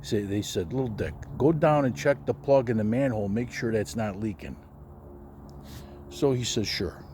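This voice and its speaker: A man telling a casual anecdote, jumping his voice up high when he quotes the people in the story. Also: moderate pace, slight background noise. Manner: animated, raising his voice high for quoted characters.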